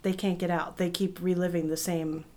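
A woman's voice: fairly low pitch, flat delivery, normal speed, a little mellow. A woman co-hosting a podcast, chatting casually with wry, teasing banter about films. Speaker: podcast co-host. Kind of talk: casual chat.

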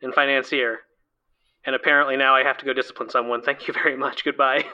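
A man playing a harried male starship captain who talks in a flustered, halting way. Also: medium pitch, little pitch movement, sharp tone, clear, resonant tone. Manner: flustered, hesitant. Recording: dull, lo-fi sound.

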